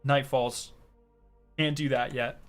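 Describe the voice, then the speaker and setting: A man chatting casually on a gaming stream, excitable and ranting with plenty of swearing. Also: mid-range voice, slow pace, clear, resonant tone, soft background music.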